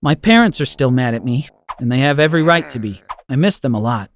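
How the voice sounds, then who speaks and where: A man narrating an animated first-person story in an emotional, expressive way. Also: medium pitch, quick pace, a little hiss or hum.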